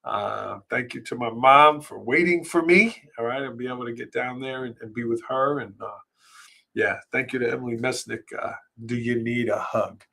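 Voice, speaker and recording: A middle-aged man, hosting a live podcast and telling a personal story, emotional and halting, with many fillers and restarts. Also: mid-range voice, gravelly, sharp tone. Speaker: podcast host.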